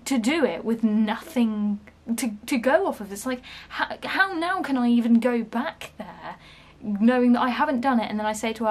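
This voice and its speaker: A young-sounding woman talks to her camera in a loose, rambling rant about work. Her voice sits a little high, and she swears and restarts a lot as her frustration builds. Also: lively intonation, normal speed. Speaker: vlogger. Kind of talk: casual storytime rant.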